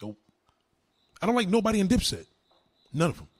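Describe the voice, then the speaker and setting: A man ranting on a livestream, answering his chat in a loud, combative, mocking way. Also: high voice, sing-song, a little fast, no echo. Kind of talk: live-stream rant.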